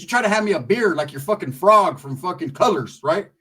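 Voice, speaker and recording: Husky-voiced man telling a street story. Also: high-pitched, fairly quick, hardly any pauses, recorded from a distance, rough recording. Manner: profane, streetwise slang, animated. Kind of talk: casual storytelling.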